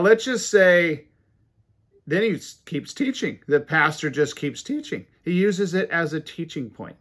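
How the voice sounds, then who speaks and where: Male preacher, animated, emphatic peaks, slightly high voice, reads scripture between comments. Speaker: pastor. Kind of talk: sermon.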